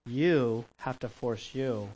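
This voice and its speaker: A man's voice: medium pitch, slow, darkish tone. A man preaching a sermon to his congregation, emphatic and conversational, asking the room questions. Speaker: pastor.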